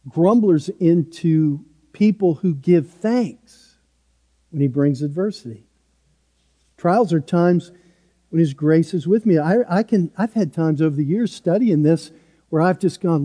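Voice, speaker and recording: A man's voice: on the high side, animated, takes it slowly, pauses often, warm tone, big-room sound. A man preaching a sermon as pastor, earnest and emphatic, driving points home with repeated short phrases.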